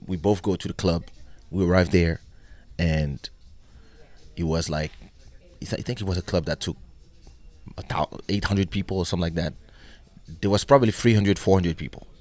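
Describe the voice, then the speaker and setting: A middle-aged man, a musician, telling anecdotes in an interview, acting out the dialogue and laughing often. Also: sits low. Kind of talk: animated storytelling.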